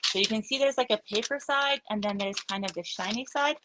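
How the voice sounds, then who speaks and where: A woman's voice: medium pitch, fairly quick, noisy background. A woman hosting a live craft demonstration, chatty and upbeat, thinking aloud with frequent fillers. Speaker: craft studio host.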